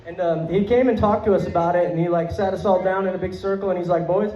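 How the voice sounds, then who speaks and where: A man's voice: high-pitched, steady tone, fast talker, warm tone. A young man performing a stand-up comedy set on a club stage into a handheld mic, rambling and profane, full of fillers, laughing through his lines. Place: comedy club stage before a live audience. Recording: roomy, dull club recording.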